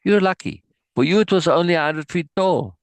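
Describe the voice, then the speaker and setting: A man reading the part of a calm, amused old male sorcerer teacher, low and matter-of-fact. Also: a little fast, dry recording.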